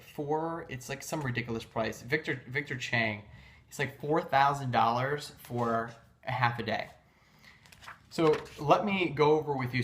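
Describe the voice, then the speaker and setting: Bright-voiced, emphatic man coaching sales. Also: mid-range voice. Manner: emphatic, insistent about conviction; loose, with frequent fillers and restarts. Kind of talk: motivational coaching talk.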